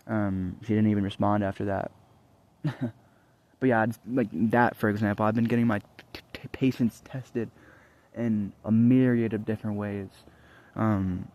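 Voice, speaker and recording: A man's voice: fairly low pitch, darkish tone. A young adult man vlogging in a casual, rambling monologue, swearing often and restarting his sentences. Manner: profane, rambling, frequent restarts.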